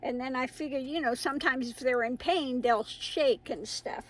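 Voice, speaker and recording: A woman's voice: sits high, normal speed, rough recording. A middle-aged woman hosting her own channel, chatting casually to viewers in a rambling way and laughing often. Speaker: tarot reader and channel host.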